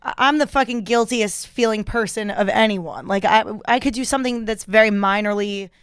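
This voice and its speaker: A woman's voice: medium pitch, moderate pace, clean tone, no echo, studio quality. A woman in casual comedic chat on a podcast, blunt and profane, laughing often. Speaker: podcast guest. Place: podcast studio.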